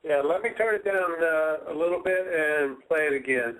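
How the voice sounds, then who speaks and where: A man's voice: fairly high pitch, normal speed, a bit bright, rough recording. A man co-hosting a talk show, chatting casually and unhurriedly while steering the segments. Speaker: co-host.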